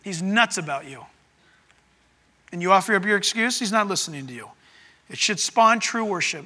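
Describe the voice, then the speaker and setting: A man preaches a sermon, his voice very high and sharply bright. He moves from quiet, intimate asides to loud, fervent passages. A long reverb trails each phrase, as in a big hall. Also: moderate pace, long pauses. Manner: animated preaching, swings from soft to loud. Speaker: pastor.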